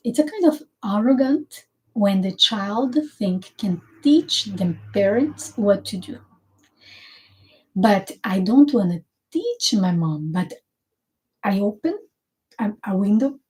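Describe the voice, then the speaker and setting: A woman's voice: mid-range voice, animated, takes it slowly, warm tone, rough recording. A woman therapist giving an earnest, explanatory casual talk about relationships.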